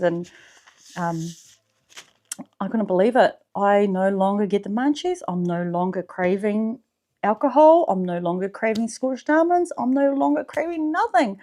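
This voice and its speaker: A woman with a New Zealand accent talking casually in a personal vlog, slangy and profane, sometimes softening to a low, hushed voice. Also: expressive, measured pace. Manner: chatty, swears freely, slangy; drops to a soft, low voice in the spiritual parts. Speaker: vlogger.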